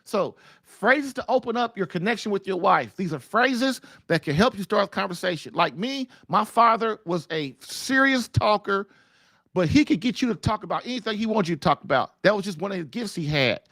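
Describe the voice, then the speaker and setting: A man's voice: sits high, lively intonation, normal speed, fairly bright tone, no room sound. A man hosting a call-in marriage advice show, coaching listeners in an emphatic, folksy way and repeating himself often. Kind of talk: animated advice monologue.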